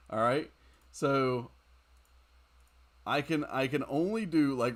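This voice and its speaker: Sleepy young guy on a late night game stream, chatty and giggly, voice bounces around a lot. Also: mid-range voice. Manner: rambling, giggly, reacts loudly to the game. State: tired. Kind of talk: casual late-night gaming stream chat.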